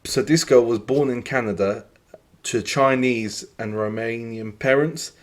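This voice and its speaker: A man's voice: medium pitch, a little slow. A man hosting a podcast, giving rambling opinions in casual chat, full of fillers. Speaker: podcast host.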